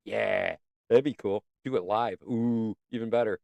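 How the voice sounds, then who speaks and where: A man's voice: lowish voice, measured pace, creaky, darkish tone, no echo. Rambling, playful male livestream host. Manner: rambling, playful, talks to himself. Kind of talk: casual livestream chat.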